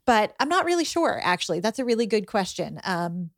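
A middle-aged woman, a guest on a chat show, telling animated stories about her son with exasperated asides. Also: mid-range voice, brisk, no echo, clean studio sound. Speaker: podcast guest, parent. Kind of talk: casual chat.

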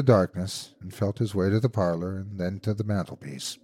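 A male host narrating a classic horror tale in a grave, measured manner. His voice sits low and the recording is dry and close. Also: mellow, slightly rough, no room sound. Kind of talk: scripted narration.

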